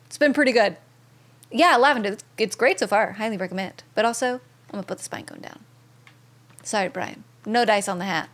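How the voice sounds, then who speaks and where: A woman's voice: medium pitch, brisk, a bit bright. A young woman streaming a video game, chatting in an upbeat way and thanking viewers by name. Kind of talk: casual live-stream commentary.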